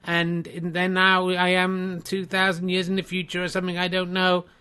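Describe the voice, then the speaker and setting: A man doing a slow deadpan robot from the future. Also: high voice, clean tone. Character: male humanoid robot from the future, vengeful.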